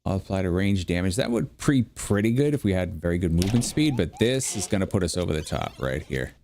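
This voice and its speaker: A man's voice: deep voice, expressive, fast, darkish tone, a little hiss or hum. A middle-aged man chatting casually while playing a game, rambling through anecdotes with lots of fillers. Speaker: gameplay streamer. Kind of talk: casual gameplay commentary. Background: faint background music.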